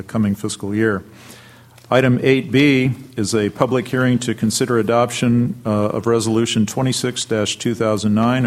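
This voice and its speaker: A man chairs a public board meeting, calling for motions and moving through agenda items. His voice sits low and flat, and his phrasing is brisk and procedural.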